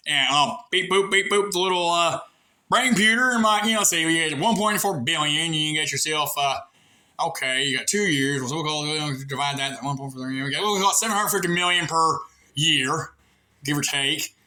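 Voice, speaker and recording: Sharp-voiced sarcastic ranting man. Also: on the high side. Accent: rural American. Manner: folksy, coarse talk. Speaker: vlogger airing grievances. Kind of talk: rambling monologue to camera.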